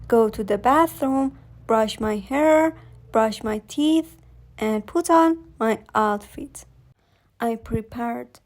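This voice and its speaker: A woman narrates a first-person horror story in a calm, measured way. Her voice sits a little high and she takes her time over every sentence.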